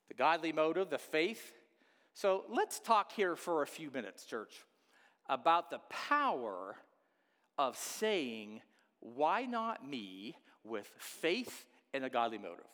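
A man preaching a sermon as pastor, repeating key phrases with animated delivery. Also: mid-range voice, in a large hall.

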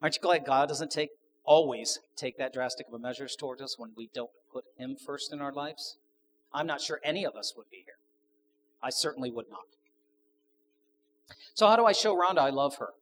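A man's voice: mid-range voice, brisk, long pauses, a bit bright, slight background noise. A man preaching a sermon to his congregation, conversational, asking the audience questions and adding joking asides. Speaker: pastor.

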